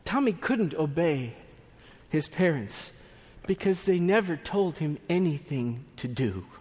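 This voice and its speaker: A male pastor delivers a sermon in a chatty, storytelling style packed with asides and restarts, while long reverb from a big sanctuary lingers behind him. His voice is somewhat higher than most men's, a little mellow and husky, with lively intonation and an unhurried pace.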